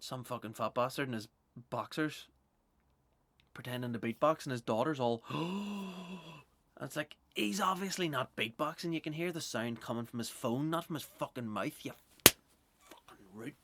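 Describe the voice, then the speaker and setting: A man's voice: medium pitch, expressive, moderate pace, fairly bright tone, dry recording. A Northern Irish man, a comedian, ranting through a sweary, exasperated, rambling monologue. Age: adult with young children.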